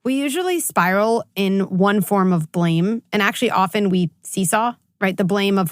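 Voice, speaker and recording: A woman clinical psychologist in her forties, talking as a guest in an interview and telling stories with lively quoted voices. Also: medium pitch, moderate pace, hardly any pauses, no room sound, clean studio sound. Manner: animated storytelling, acts out quoted voices. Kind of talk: conversational interview.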